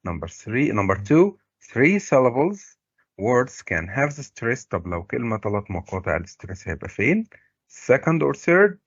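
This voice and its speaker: A middle-aged Egyptian man, a native Arabic speaker, teaching a recorded English lesson. He pulls words apart slowly to stress each syllable and sometimes explains in Arabic. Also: medium pitch, big pitch swings, husky, no echo. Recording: dull, lo-fi dry recording.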